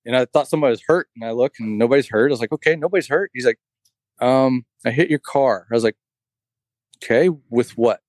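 A man's voice: mid-range voice, fairly quick, darkish tone, no room sound. Dry-sounding rambling storyteller man. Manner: rambling storyteller, heavy on fillers like "like" and "you know". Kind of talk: casual chat.

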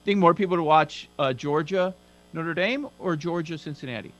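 A man co-hosting a sports podcast, asking questions in a relaxed conversational way. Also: a little high, moderate pace, rough recording. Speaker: podcast co-host. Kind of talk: casual sports chat.

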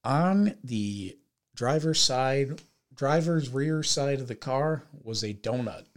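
A young man hosting a podcast, telling a story in casual chat with lots of swearing and loud acted-out quotes. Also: medium pitch, slow pace. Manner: animated, profane storytelling with shouted quoted voices. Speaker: podcast host.

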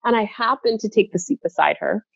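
High-voiced woman telling lively stories. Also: fairly quick, creaky, husky, no room sound. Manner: expressive, laughs while telling stories. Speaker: guest speaker. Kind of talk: animated storytelling in conversation. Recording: dull, dry, muffled sound.

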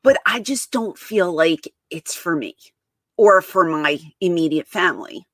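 A woman's voice: lowish voice, lively intonation, measured pace, a bit bright, no room sound. A woman hosting a podcast in casual chat, talking emphatically with many restarts and repeated words. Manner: emphatic, repeats herself, exasperated. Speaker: podcast host.

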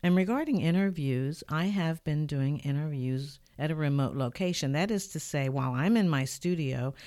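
Speaking at a moderate pace in a low voice, an older woman tells a personal story on the podcast she hosts from her home studio. The studio-mic recording has no room sound, and her earnest, reflective manner turns lively when she recounts what happened.

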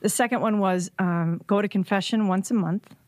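A woman guest in a casual chat, telling a personal story in an animated way with frequent laughs. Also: mid-range voice, normal speed, no echo. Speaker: podcast guest.

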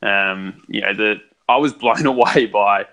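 A man's voice: on the low side, a little slow, pushed and bright. A young man chatting as a guest, telling stories in a loose, rambling way with lots of fillers. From Australia. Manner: chatty storyteller, many fillers and restarts. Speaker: guest, son. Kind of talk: casual conversation.

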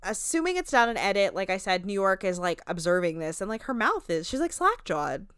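A young adult woman casually recapping a reality dating show, chatty and animated, acting out quotes and saying "like" a lot. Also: mid-range voice, fairly quick, smooth, dry recording, studio quality. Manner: chatty, animated retelling, frequent "like", acts out quotes. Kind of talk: casual chat.

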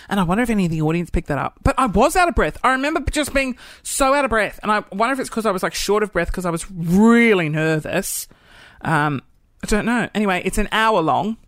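A man chats loosely on his podcast, poking fun at himself as he rambles. His pitch swings widely and freely. He sits close to a dry microphone with no room sound. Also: a bit bright, dry recording. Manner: rambling, self-deprecating. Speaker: podcast host. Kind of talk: casual podcast chat.

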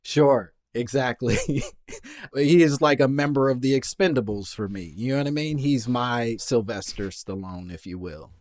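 A man's voice: medium pitch, normal speed, darkish tone. A man hosting a comedic podcast in casual chat, playful and mock-grandiose, riffing in exaggerated voices. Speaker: podcast host.

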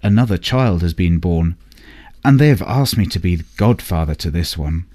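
A man voicing a sly, greedy tomcat who is quick with excuses, in a lively, raised storytelling voice. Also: low voice, no echo. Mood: eager.

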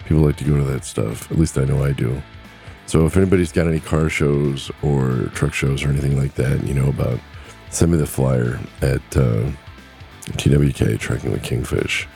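A middle-aged man speaks in a creaky, warm bass. Hosting his own podcast, he drifts casually through talk of his trucking life, relaxed and quick to laugh at himself.

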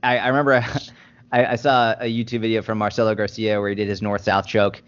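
A man's voice: fairly low pitch, little pitch movement, brisk. A man who is a fitness coach, a guest on a podcast, talking earnestly and using "like" a lot. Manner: earnest, filler-heavy with "like". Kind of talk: casual podcast chat. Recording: dull lo-fi podcast audio.

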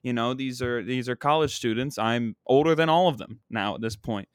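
A man's voice: mid-range voice, moderate pace, smooth, no room sound. Casting: young comic, male, rambling exasperated rant, dry close mic. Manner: exasperated, rambling, self-deprecating. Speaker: comedian. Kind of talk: casual sports rant.

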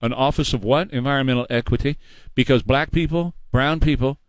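A man's voice: medium pitch, fairly quick, dry recording. A man hosting a talk radio show in a studio, emphatic, ranting and sarcastic.

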